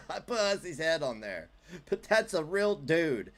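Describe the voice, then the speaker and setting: A man's voice: fairly high pitch, unhurried. Guy running a chill livestream, jokey and loose, voice jumps all over. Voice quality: animated, jokey, trails off into asides. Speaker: livestream host. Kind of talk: casual livestream chat.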